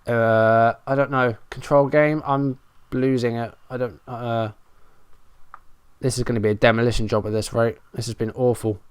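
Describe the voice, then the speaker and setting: A man's voice: medium pitch, fairly even intonation, moderate pace, clear, resonant tone, dry recording. Frustrated man narrating a match. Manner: running play-by-play, frustrated and self-mocking. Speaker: gaming YouTuber. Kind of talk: Let's Play commentary.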